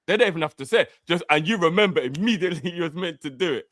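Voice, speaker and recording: A young man with a mid-pitched voice that rises and falls a lot as he jokes and teases. His talk is slangy and full of tag questions, recorded close and dry. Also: animated, racing, a bit bright, no echo. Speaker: fan podcast co-host. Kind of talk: casual football banter.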